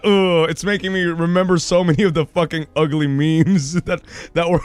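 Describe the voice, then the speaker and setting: A man in his thirties chatting casually on a live stream, excitable and foul-mouthed, breaking into shouted rants and laughter. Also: high voice, normal speed, smooth, no echo, soft background music. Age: 30s.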